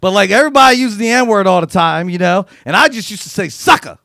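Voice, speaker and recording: High, gravelly-voiced man doing crude stand-up. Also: animated, fast, bright, forceful tone, no room sound, clean studio sound. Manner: crude, profane, riffing with acted-out quotes. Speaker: comedian. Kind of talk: stand-up comedy routine.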